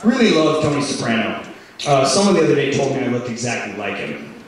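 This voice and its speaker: A man doing a stand-up comedy set in a rambling style full of "like" fillers, with sudden loud outbursts. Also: medium pitch, big pitch swings, fast, noisy background. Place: comedy club stage. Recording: echoey club recorded from far off with audience. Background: audience laughter.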